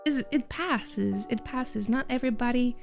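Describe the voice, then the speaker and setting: A woman's voice: fairly high pitch, moderate pace, vocal fry, faint music behind. A young woman from Quebec, a native French speaker with a mild Quebec French accent, chatting casually with her stream viewers and laughing often. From Quebec, Canada.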